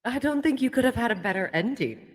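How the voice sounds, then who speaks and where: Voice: medium pitch, animated, fast talker. Podcast host, mid-range voice, blunt joking interjections, reverberant room. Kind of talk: casual podcast chat.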